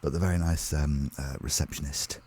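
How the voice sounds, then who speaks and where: A middle-aged English man, a guest on a breakfast radio show, telling anecdotes in a lively, chuckling way. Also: a bass voice, brisk, slightly rough. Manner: lively storyteller, chuckling often.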